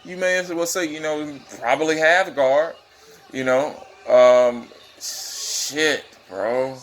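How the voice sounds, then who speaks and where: A man giving casual, profane reaction commentary while rewatching a fight, laid-back and quick to laugh. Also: on the high side, steady tone.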